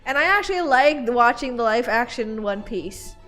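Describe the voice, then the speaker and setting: A woman's voice: fairly high pitch, expressive, moderate pace, fairly bright tone, soft background music. A woman streamer chatting casually with her viewers, giggling and rambling with lots of filler words. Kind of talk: casual livestream chat.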